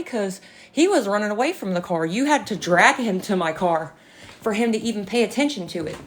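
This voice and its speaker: A young woman chatting casually on a livestream, telling a story with animated energy, swearing and laughing, a bit out of breath. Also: mid-range voice, fairly quick. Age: young adult.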